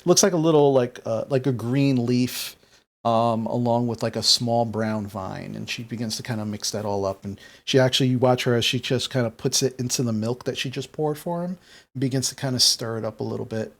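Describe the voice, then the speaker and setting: A man's voice: medium pitch, a little fast. A young man narrating a tabletop game as game master, loose and full of fillers.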